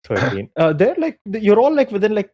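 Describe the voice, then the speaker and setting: A man's voice: high voice, huge pitch swings, a little fast, darkish tone, muffled recording. A young man narrating as game master in a tabletop game, casual and full of fillers, often laughing.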